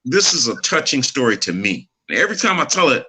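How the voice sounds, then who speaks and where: A man's voice: medium pitch, very animated, quick pace, bright, forceful tone, breathy edge. A middle-aged man telling a personal story in casual chat, earnest and preachy, laughing easily. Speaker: podcast co-host.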